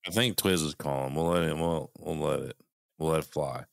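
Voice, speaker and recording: A man's voice: very deep voice, brisk, creaky, no echo, studio quality. A man co-hosting a podcast in casual chat, laid-back and swearing freely. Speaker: podcast co-host.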